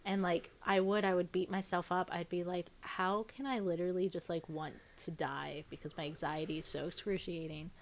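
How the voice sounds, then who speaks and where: A woman's voice: on the low side, fairly even intonation, a little fast, few pauses, slight background noise. A woman from Pennsylvania, a podcast guest, talking openly and emotionally in a casual interview, swearing freely and filling her speech with "like". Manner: open and emotional, swears freely, many fillers. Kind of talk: candid conversational interview.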